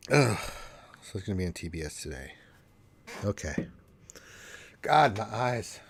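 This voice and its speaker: A man's voice: on the low side, big pitch swings, measured pace, creaky, slight background noise. A congested man with allergies, hosting a casual gaming livestream and rambling with cursing asides. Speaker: livestream host.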